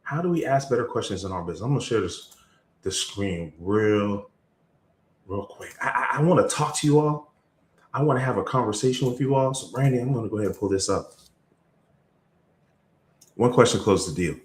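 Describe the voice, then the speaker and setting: Energetic male sales coach, roomy sound. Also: normal speed, long pauses. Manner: energetic, with sudden jumps up in pitch and loudness. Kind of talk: motivational storytelling talk. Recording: roomy echo.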